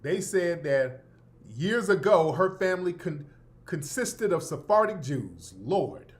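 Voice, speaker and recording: A radio host with a high voice speaks slowly, his pitch swinging widely. He delivers brash, sarcastic, opinionated talk-radio commentary packed with slang, repeating his points for emphasis.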